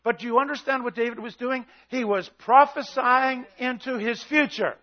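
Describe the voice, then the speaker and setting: A man preaching an intense, shouted sermon who acts out the voices in his story. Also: very high-pitched, steady tone, moderate pace, muffled recording. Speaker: pastor.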